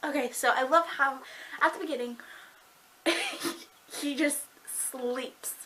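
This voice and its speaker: Young female book vlogger, high pitch, excitable and chatty, lots of "like". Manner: bubbly, giggly, fast, lots of "like". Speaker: book reviewer. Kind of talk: casual book review vlog.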